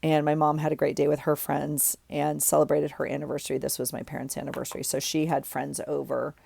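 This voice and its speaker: This middle-aged vlogger talks about her journal from home in a low, darkish voice with vocal fry, brisk and fairly flat in pitch. Her casual chat rambles, peppered with frequent ums and likes, on a dry recording.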